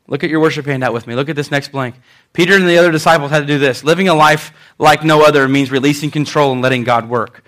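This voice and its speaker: A man preaches in an animated way, rising loud and dropping soft. His voice sits fairly high for a man. He plays out quotes in different voices. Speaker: pastor. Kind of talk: sermon.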